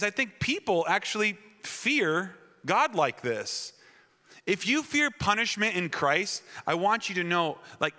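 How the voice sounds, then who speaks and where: Playful preacher from Wisconsin, bright, a bit high, reverb of a church hall. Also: male voice. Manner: playful, shifting from jokes to earnest preaching. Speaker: pastor. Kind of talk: comedic sermon storytelling. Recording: echoey hall.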